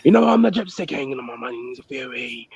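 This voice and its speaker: A man's voice: medium pitch, sing-song, brisk, creaky, darkish tone, husky, pitched below the performer's own voice, exaggerated voice. Man doing a brash British boxer trash-talking. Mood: taunting. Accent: put-on British. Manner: brash, taunting. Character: boastful male heavyweight boxer trash-talking. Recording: dull lo-fi dry sound.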